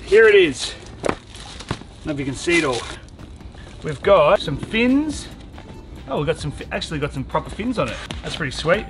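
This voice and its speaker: A man's voice: on the high side, background noise. A young man, chatty and upbeat, reviewing outdoor gear in a casual vlog and thinking aloud as he unpacks. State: out of breath after pumping. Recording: music playing underneath.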